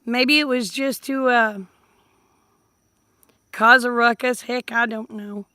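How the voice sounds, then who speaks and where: A folksy woman rambles through a casual livestream at home. She talks slowly, in a fairly high voice, and sounds a little short of breath. It is picked up on a phone or computer mic. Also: fairly even intonation, bright, forceful tone, no room sound. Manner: folksy, chatty, rambling storyteller. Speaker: vlogger. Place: at home, indoors.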